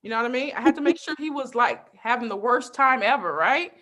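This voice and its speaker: A young adult woman doing a stand-up comedy set, telling lively stories with constant asides to the crowd. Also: on the high side, a little fast. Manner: lively storytelling with frequent asides and laughs.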